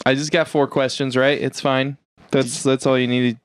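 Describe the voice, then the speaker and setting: A man playing along as a contestant on a casual podcast quiz, giving drawn-out deadpan answers. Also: mid-range voice, smooth, no room sound.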